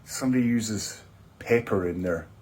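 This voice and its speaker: A man giving a rambling, deadpan satirical comedy review of a film, sardonic and self-mocking. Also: lowish voice, moderate pace, breathy edge.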